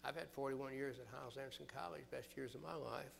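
An older man from the American South preaching a fervent sermon, building loud through scripture and dropping low and quiet for personal stories. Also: a little fast, vocal fry, soft background music.

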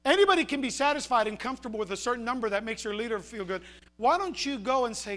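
A man with a very high voice preaching a sermon. He moves between fiery shouted points and soft, hushed asides, punching key phrases with repetition. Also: fairly quick. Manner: animated, shouting for emphasis, then dropping quiet.

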